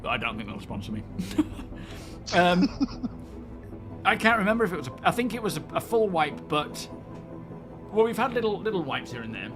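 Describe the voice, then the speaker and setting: A man's voice: high-pitched, sing-song, normal speed, long pauses, music in the background. A man hosting a live stream, chatting casually and greeting viewers as he rambles.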